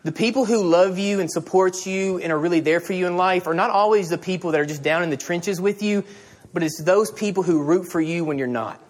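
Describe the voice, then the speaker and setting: A middle-aged man preaching a sermon as a pastor, animated and telling stories with quoted dialogue. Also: high-pitched, brisk.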